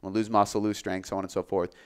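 A man who works as a fitness coach, talking casually on a podcast, relaxed and full of filler words. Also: sits low, very fast, clear, resonant tone. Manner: relaxed, filler-heavy, says "like" often.

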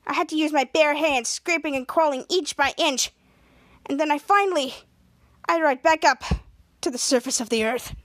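A woman doing a shrill childish toddler villain. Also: moderate pace, fairly bright tone, dry recording, clean studio sound. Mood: self-pitying. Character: childish vengeful male supervillain toddler.

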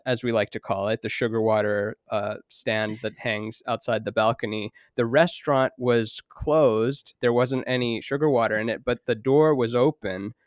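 A man guesting on a podcast, telling a story in an animated, jokey way. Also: medium pitch, clean tone, no echo, clean studio sound. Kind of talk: casual storytelling conversation. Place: lives in Los Angeles.

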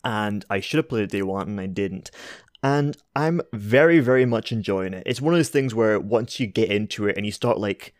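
A man co-hosting a podcast, rambling and halting, with plenty of swearing in casual chat. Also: on the low side, no echo, clean studio sound. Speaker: podcast co-host.

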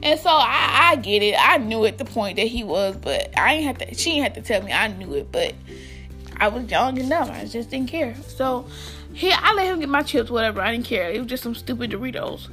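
A young woman from the United States telling a rambling, animated storytime to her viewers, full of fillers and restarts. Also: on the high side, brisk, soft background music. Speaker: vlogger. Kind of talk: casual storytime addressed to viewers.

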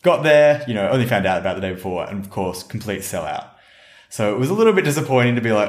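Low-voiced Australian man telling a story. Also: fast talker. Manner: relaxed, rambling anecdotal. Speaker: podcast co-host. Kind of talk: casual chat, storytelling. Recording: roomy echo.

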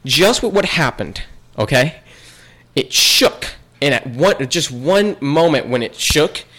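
A man's voice: a little high, expressive, slow pace, pushed and bright. A young man in casual chat, telling a long story with many restarts and bursts of laughter.

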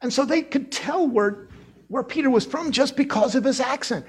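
A man with a Midwest accent preaching a sermon in a church, telling the story with lively acted-out voices and accents. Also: extremely high pitch, normal speed, slightly rough. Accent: American Midwest. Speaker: pastor. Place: church sanctuary.

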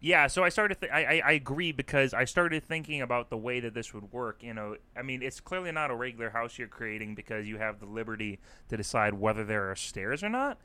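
A man co-hosting a casual comedic chat, building long deadpan bits and stories. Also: medium pitch, brisk, few pauses, smooth.

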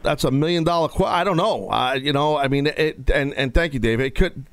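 A man's voice: a little high, a little fast, no room sound. A male radio show host in casual sports talk, rambling and stop-start as he takes calls.

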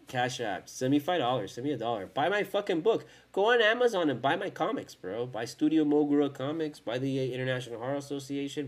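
Profane ranting man, tired host. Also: medium pitch. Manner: profane, rambling, heated. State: tired, late at night. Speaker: sports fan podcast host. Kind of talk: casual rant.

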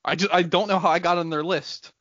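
A man's voice: high voice, fairly even intonation, fairly quick, fairly bright tone, no echo. A man in casual chat, talking in a dry, matter-of-fact way. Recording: dull lo-fi, dry.

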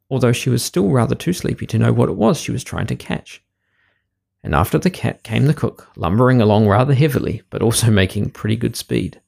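A man reading a children's story aloud in a lively, expressive way. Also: mid-range voice, creaky, slightly rough.

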